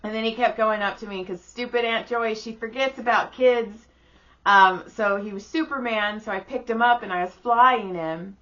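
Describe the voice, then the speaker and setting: A woman's voice: fairly high pitch, fairly even intonation, normal speed, fairly bright tone. A woman in her thirties, co-hosting a casual podcast, joking bluntly and swearing freely. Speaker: podcast co-host. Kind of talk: casual chat. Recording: dull lo-fi podcast audio.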